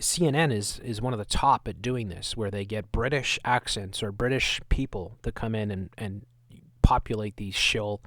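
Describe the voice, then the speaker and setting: A man's voice: lowish voice, fairly bright tone, no echo, clean studio sound. A man hosting his own channel, giving sarcastic, scornful commentary on news clips. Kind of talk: ranting video commentary.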